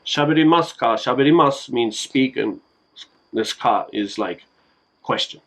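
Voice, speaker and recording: A man casually explaining simple phrases in a home video lesson, relaxed and slow, with many fillers. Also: mid-range voice, rough recording.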